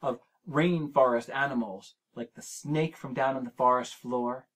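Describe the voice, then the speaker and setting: A male children's show host leads a preschool word game in an unhurried, drawn-out delivery. He talks gently to the young viewer at home, sounding out each syllable and encouraging every try. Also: medium pitch, fairly even intonation. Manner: speaks straight to the young viewer. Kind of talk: preschool lesson.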